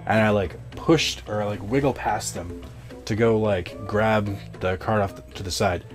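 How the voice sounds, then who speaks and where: Young man, story time, rambling and profane, lowish voice, faint music behind. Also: measured pace. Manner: rambling, many fillers and asides, laughs at himself; profane, sarcastic.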